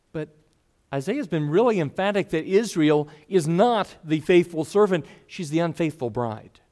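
A man preaching a sermon in a fairly high voice. He reads scripture aloud and acts out the people in the story, with plenty of expression. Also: lively intonation, moderate pace, darkish tone.

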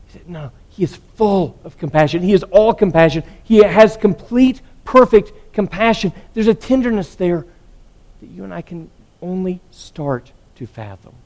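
A man preaching with an earnest, mellow voice that sits a little high for a man. He swings between loud emphatic lines and hushed, quiet ones. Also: sing-song, normal speed. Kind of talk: sermon.

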